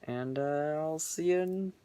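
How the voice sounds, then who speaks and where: A man's voice: fairly high pitch, a little slow, mellow, smooth, no room sound. A young man vlogging casually from his bedroom, rambling earnestly with lots of filler words. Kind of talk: casual personal vlog.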